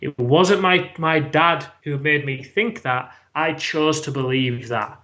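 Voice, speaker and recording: A man's voice: on the high side, takes it slowly, pushed and bright, lo-fi sound. A British man telling a personal story as a podcast guest, frank and swearing freely. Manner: frank, swears freely, acts out his own past words.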